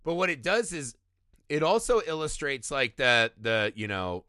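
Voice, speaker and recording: A man in his thirties co-hosting a casual movie discussion, animated and profane, often acting out quotes. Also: mid-range voice, unhurried, no room sound, studio quality. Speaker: podcast co-host.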